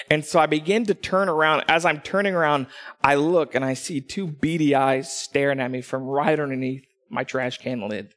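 A man telling a personal story as a preacher, animated, dropping low for asides and rising when excited. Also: moderate pace. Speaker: pastor. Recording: long hall reverb.

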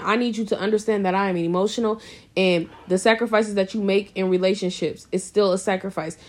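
A woman co-hosting a casual podcast chat, speaking earnestly and with emphasis. Her voice sits at an ordinary middle pitch. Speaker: podcast co-host.

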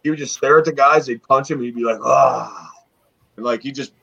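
A man's voice: medium pitch, steady tone, racing, sharp tone, lo-fi sound. A man in his forties co-hosting a casual wrestling podcast, talking animatedly, swearing freely and acting out quotes. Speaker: podcast co-host. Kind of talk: casual chat.

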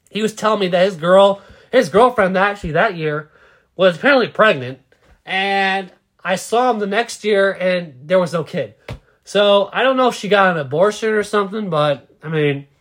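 A man's voice: sits high, a bit bright. A young man casually telling a rambling, profane story as a podcast co-host.

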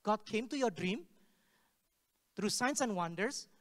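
A man's voice: sits high, unhurried. A man preaching a sermon, telling stories and acting out the dialogue with laughs. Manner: animated, acts out dialogue with laughs. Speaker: pastor. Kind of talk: sermon storytelling. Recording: hall with long reverb.

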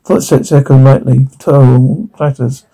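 A man's voice: mid-range voice, moderate pace, creaky, mellow, husky, low-quality recording. A man reading a drama scene aloud, its sounds and dialogue, with stumbles and restarts as he goes.

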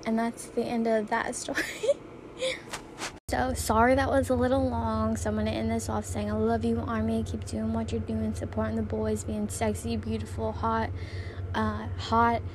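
A woman's voice: on the high side, monotone, a little slow, pauses often, background noise. A young woman vlogging casually, rambling through funny stories and laughing often as she talks. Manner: giggly, rambling, laughs often mid-story. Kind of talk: casual storytelling vlog.

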